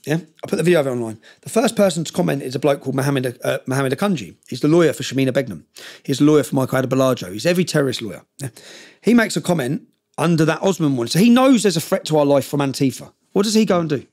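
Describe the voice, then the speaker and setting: A middle-aged man talks at a rapid clip, his voice sitting a little high. He recounts events intensely as a podcast guest and keeps asking "yeah?" to check that his listener is following. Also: expressive, a little mellow. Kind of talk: storytelling in conversation.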